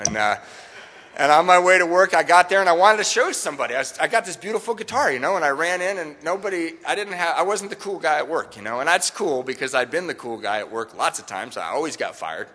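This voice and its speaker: Middle-aged man, bright and a bit high, animated storyteller at a meeting, reverberant hall. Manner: animated, jokey storyteller, bursts into shouts. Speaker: speaker sharing his recovery story. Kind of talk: storytelling talk at a recovery meeting.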